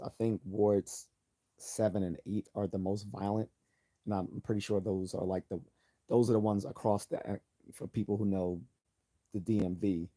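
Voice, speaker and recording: Low, mellow-voiced man streaming live. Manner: chatty, self-interrupting, opinionated asides. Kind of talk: casual live stream commentary, reading an article aloud.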